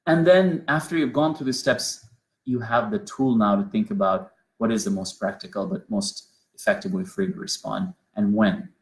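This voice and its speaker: A man's voice: fairly low pitch, moderate pace. A man teaching a mindfulness lesson, earnest and explaining step by step, often restarting and repeating his phrases.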